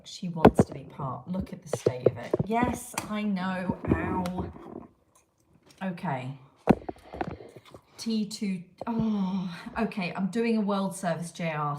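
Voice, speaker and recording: Woman streamer, low-ish voice, chatty and rambling, roomy echo with noise behind. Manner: chatty, talks to viewers and reads their comments. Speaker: livestream host. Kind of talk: casual livestream chat. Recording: echoey room with clear background noise.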